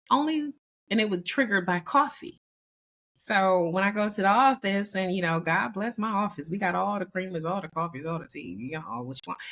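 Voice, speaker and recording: A woman in her fifties hosting a podcast, telling personal stories in an animated, chatty way and laughing along. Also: mid-range voice. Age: 50s. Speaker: podcast host. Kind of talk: casual storytelling monologue.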